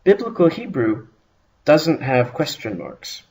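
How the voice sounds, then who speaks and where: Lively-voiced man teaching a grammar lesson. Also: on the high side, poor audio. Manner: measured explanatory delivery with stressed phrase openings. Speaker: Hebrew teacher.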